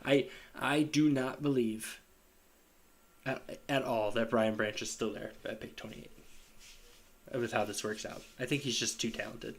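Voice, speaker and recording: A man's voice: mid-range voice, steady tone, a little slow. A tired man hosting a casual fantasy football podcast, laid-back as he moves through the segments and sign-off. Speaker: podcast host. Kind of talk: casual sports chat.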